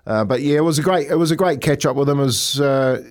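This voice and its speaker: A man's voice: medium pitch, quick pace. A middle-aged man from New Zealand, a podcast co-host telling stories in casual chat, rambling with many restarts.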